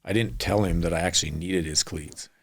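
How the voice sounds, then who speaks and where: Deep, husky and steady, this middle-aged guest speaks briskly in a podcast interview. He rambles through long, earnest anecdotes, performing the quotes of people in them.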